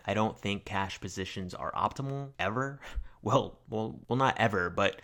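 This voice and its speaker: A young man hosting his own finance channel, talking in a wry, self-mocking way with jokey asides. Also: lowish voice. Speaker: finance YouTuber. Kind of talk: casual scripted monologue.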